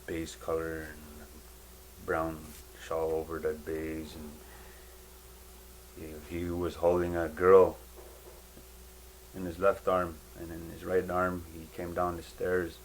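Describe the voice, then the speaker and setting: Low gravelly man telling a testimony. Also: monotone, slight background noise, rough recording. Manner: halting and rambling, with many fillers and restarts. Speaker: person giving a testimony. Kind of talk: personal spiritual testimony.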